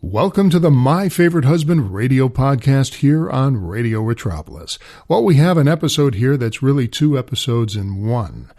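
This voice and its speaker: A man's voice: medium pitch, lively intonation, normal speed, few pauses, mellow. A man hosting a podcast, introducing an episode in a chatty, playful way. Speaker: podcast host.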